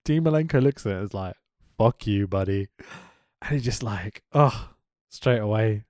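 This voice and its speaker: A man co-hosting a casual podcast chat, animated and quick to laugh, swearing freely as he talks. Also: mid-range voice, dry recording, studio quality. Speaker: podcast co-host.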